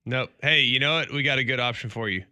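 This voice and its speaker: Man, sports radio co-host, very bright edgy tone, deadpan one-word jokes, laughs a lot, dry studio mic. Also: mid-range voice, quick pace, clear, resonant tone, no echo. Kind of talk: casual sports talk.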